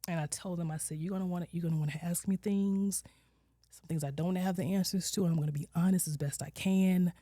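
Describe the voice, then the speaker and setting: A woman in her forties shares a personal story as a podcast guest, speaking candidly in a lowish, mellow voice. She voices her own words and her children's as she goes, at times sinking to a soft near-whisper, and the sound is dry and close. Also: fast talker, dry recording. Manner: candid, quotes herself and her kids with lively shifts, drops to soft near-whispers. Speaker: guest, licensed clinical social worker. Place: podcast studio.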